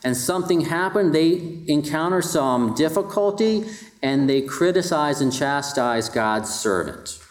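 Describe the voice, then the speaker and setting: A man's voice: a little high, lively intonation, a little slow, reverberant. A man delivering a sermon in a conversational style and putting rhetorical questions to his congregation. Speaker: pastor.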